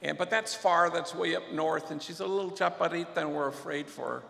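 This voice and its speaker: A man's voice: fairly high pitch, fairly quick, gravelly, sharp tone, echoey room, in a large hall, full character voice. A man voicing a reformed former gang member, an anxious and proud father, within a spoken story.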